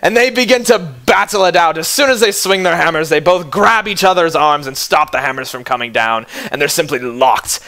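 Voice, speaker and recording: A man's voice: a little high, animated, brisk, hardly any pauses, bright, forceful tone. A young man narrating as game master in a tabletop game, laughing often as he narrates.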